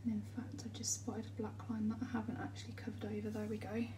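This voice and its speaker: A woman chatting casually during a livestream as she colours, often dropping to a soft murmur. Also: medium pitch, little pitch movement, fast talker. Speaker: colouring channel host. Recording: distant mic with faint background hiss.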